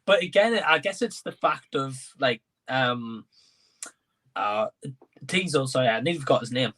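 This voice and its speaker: Young man, husky voice, casual movie chat, hesitant, thinking aloud. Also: mid-range voice, expressive, normal speed, a bit bright. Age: young adult. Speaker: co-reviewer.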